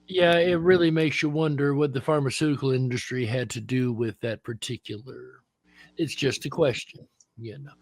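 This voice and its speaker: A man's voice: mid-range voice, fairly even intonation, normal speed, no room sound. A man hosting a casual panel chat, laid-back and full of fillers. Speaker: host.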